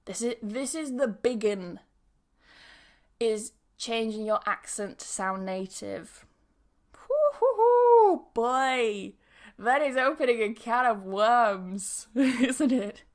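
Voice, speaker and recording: A woman who teaches English pronunciation hosts a solo podcast, chatting casually with laughs and asides. Her voice is a little high, and she takes her time.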